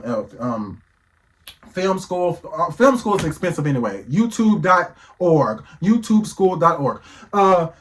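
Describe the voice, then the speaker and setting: A man's voice: high-pitched, a bit bright, a little hiss or hum. A man giving heated reaction commentary, firing off rhetorical questions and swearing freely.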